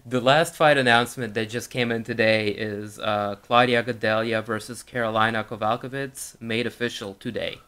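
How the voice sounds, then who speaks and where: A man co-hosting a casual sports podcast, speaking in a measured, easygoing way. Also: mid-range voice, fairly even intonation, sharp tone, clean tone. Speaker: podcast co-host. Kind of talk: casual chat.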